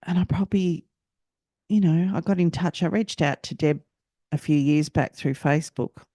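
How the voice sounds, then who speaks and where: An Australian woman hosting a personal storytelling podcast, speaking reflectively and haltingly and often repeating herself. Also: low-pitched, warm tone, dry recording, studio quality. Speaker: podcast host.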